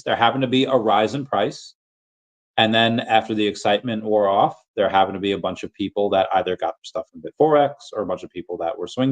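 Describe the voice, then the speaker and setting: A man hosting a casual livestream, answering chat questions in a rambling, self-correcting way. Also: on the low side.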